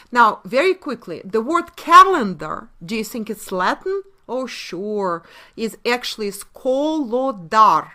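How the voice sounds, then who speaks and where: Emphatic woman with a Russian accent, bright tone. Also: a little high. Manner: emphatic, asks rhetorical questions and answers them. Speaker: webinar presenter. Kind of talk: lecture on word origins.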